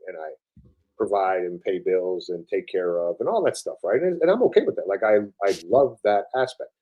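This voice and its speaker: A military veteran in his forties speaks with a Buffalo accent softened by years in the South. His voice sits low and sounds warm and mellow. He rambles casually, full of "like" and restarts, with the odd swear word. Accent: Buffalo mixed with Southern US. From upstate New York. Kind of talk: casual interview conversation.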